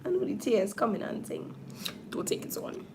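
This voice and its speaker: A chatty makeup artist speaks right to her livestream viewers while fitting false lashes. Her voice is on the high side with big pitch swings and a slightly fast pace, and the background is noisy.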